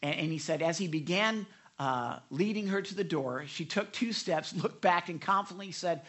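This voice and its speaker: A male pastor delivers a sermon in a bright, somewhat high voice. He talks conversationally, with restarts and asides to the congregation. When he quotes people, he lifts his voice and acts the lines out. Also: normal speed. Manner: animated storytelling, acts out quotes with raised pitch.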